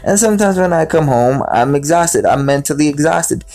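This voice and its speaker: Talking casually about himself, a man rambles and repeats words, acting out quoted greetings over faint background music. His voice is on the high side and a little mellow, with lively intonation at a moderate pace.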